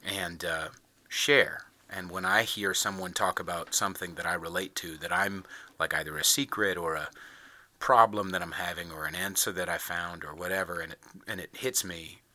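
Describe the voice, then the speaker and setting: Male podcast host, very low voice, sharp bright tone, earnest and rambly. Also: steady tone, moderate pace, no echo. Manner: earnest, laughs often, rambling restarts. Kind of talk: casual interview chat.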